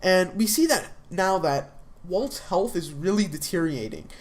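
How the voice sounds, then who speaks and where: Expressive and moderately paced, this mid-range voice belongs to a young adult reviewing a TV episode. The recap wanders casually, packed with fillers and false starts.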